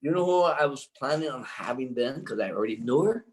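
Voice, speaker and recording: Excitable older man telling rambling stories. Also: mid-range voice, fairly quick, poor audio. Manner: excitable, rambling, full of restarts. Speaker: interview guest, filmmaker. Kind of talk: rambling anecdotal storytelling.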